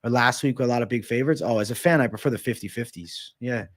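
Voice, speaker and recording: A man hosts a casual livestream, reading chat messages and answering with loose, joking banter full of swearing. He often drops low and quiet as he finishes a thought. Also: fast. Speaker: livestream host answering viewer questions.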